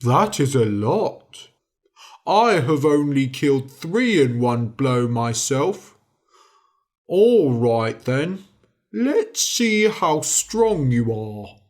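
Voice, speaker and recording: Casting: mean storybook giant, put on by the narrator, slow and grudging, with a lot of rise and fall in the voice. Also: mid-range voice, sing-song, darkish tone. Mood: gruff. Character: huge mean-tempered male giant.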